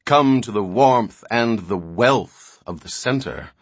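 A harsh imperial general sneers and scoffs in a sour, mocking way, as a man voices him in an audiobook. The voice is on the low side and the recording dry. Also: lively intonation, takes it slowly, no room sound, full character voice. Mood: scornful.

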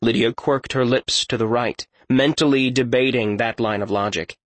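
A man narrating a fantasy novel as an audiobook, in measured scripted narration. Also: mid-range voice, fairly even intonation, no room sound.

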